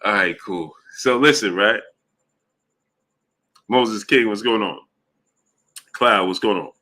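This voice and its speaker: A man's voice: lowish voice, slow pace, pushed and bright. A man hosting a live stream, laughing a lot and greeting viewers by name in casual talk. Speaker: livestream host reading chat.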